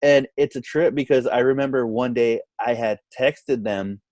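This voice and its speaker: A man casually telling a story on a podcast, animated, acting out what other people said. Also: mid-range voice, normal speed, no room sound. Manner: animated, quotes others in lively voices. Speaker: podcast guest.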